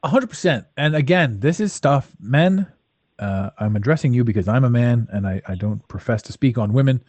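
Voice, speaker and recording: A man's voice: medium pitch, lively intonation, moderate pace, a little mellow, no room sound. A man hosting a podcast in casual chat, talking bluntly and emphatically and swearing freely. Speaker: podcast host.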